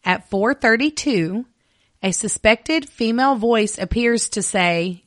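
A woman's voice: on the high side, expressive, takes it slowly, fairly bright tone, no echo. Female podcast host, casual true-crime storyteller who reads case details aloud; dry, close recording.

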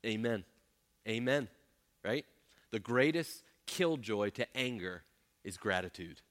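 A man's voice: fairly low pitch, lively intonation, slow pace, fairly bright tone. A man preaching a sermon as pastor, emphatic and fond of rhetorical "right?" checks. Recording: long hall reverb.

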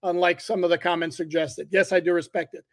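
A high-pitched man talks on a casual sports podcast. He analyzes plays carefully and needles his co-host in a dry, teasing way. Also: steady tone, fairly quick.

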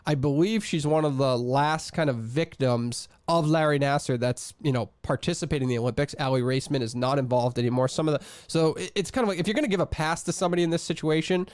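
A man's voice: on the high side, fast, few pauses, darkish tone, no room sound, studio quality. A man hosting a casual recap podcast, rambling and restarting his sentences. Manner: rambling, repeats words when starting thoughts. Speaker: podcast host recapping a radio show. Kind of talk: casual chat.

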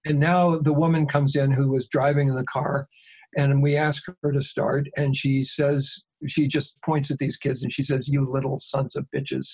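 A man with a husky, slightly rough voice, guest on an interview, recounting a mediation case at a measured, even pace. He talks in a calm, conversational way. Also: medium pitch.

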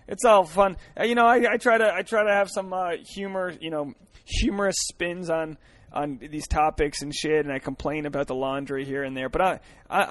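A man's voice: fairly high pitch, no room sound. Crude, rambling man in his thirties. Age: 30s. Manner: crude, rambling, joking, many fillers and restarts. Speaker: podcast host. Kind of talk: solo comedic podcast monologue. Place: in a car.

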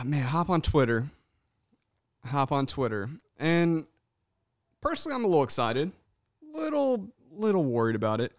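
Animated man hosting a podcast. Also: a little high, a little slow, long pauses, dry recording, clean studio sound. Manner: animated, swearing, says "man" often; acts out voices of people in his stories. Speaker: podcast co-host. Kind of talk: casual podcast chat.

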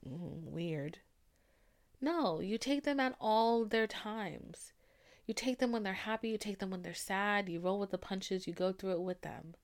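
A young woman hosting a podcast, talking candidly and emotionally, dropping to soft murmurs and rising to loud emphasis, with casual swearing. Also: medium pitch. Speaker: podcast host. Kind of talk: candid personal talk.

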